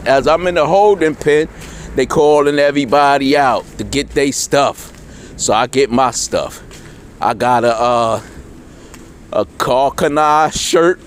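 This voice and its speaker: Middle-aged male storyteller, profane street style, lively swooping delivery, slightly higher voice. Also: a little hiss or hum. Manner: animated, swears constantly, voices characters in quotes.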